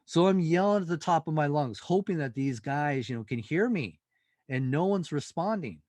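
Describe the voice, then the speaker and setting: A male paranormal investigator, a guest in an interview, telling a story in an animated way and acting out the dialogue. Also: on the high side, moderate pace, dry recording.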